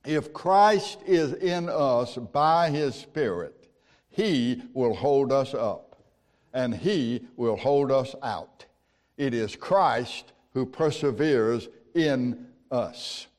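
A man's voice: mid-range voice, expressive, extremely slow, darkish tone. A man preaching a sermon, telling stories in a folksy, conversational way with rhetorical questions. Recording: long hall reverb.

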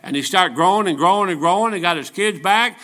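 A man's voice: high-pitched, a little fast, fairly bright tone. A man of seventy preaching a folksy, joking sermon full of personal stories. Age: 70s. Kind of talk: storytelling sermon.

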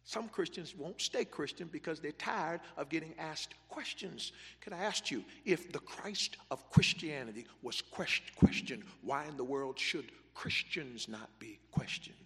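A man's voice: on the high side, expressive, measured pace, few pauses, sharp tone, big-room sound. A man preaching a sermon as pastor, driving points home through emphatic repetition.

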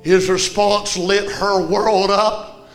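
A man preaching a fiery revival sermon in a church, telling a story that swells into impassioned shouting. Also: sits high, level tone, slow, soft background music. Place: church sanctuary.

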